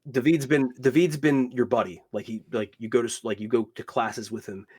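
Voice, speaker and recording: A man's voice: medium pitch, fairly even intonation, brisk, darkish tone, slightly rough. A man narrating as game master, rambling and full of fillers.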